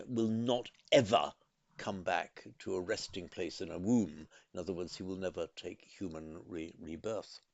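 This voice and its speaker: A man teaching a language lesson in a careful, methodical way, pausing to correct himself. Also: low voice, vocal fry, a little mellow, no echo. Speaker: Sanskrit teacher. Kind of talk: explanatory lesson.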